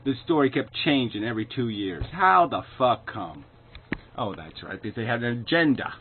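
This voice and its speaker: A man's voice: mid-range voice, expressive, moderate pace, slight background noise. Profane ranting man, tinny sound. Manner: profane, sarcastic, shouting in bursts. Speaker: video commentator. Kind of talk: angry ranting commentary.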